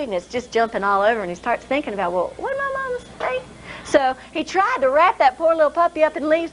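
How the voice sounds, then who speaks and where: A woman telling a folk tale to a live audience in a folksy, expressive way. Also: high voice, low-quality recording. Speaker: storyteller.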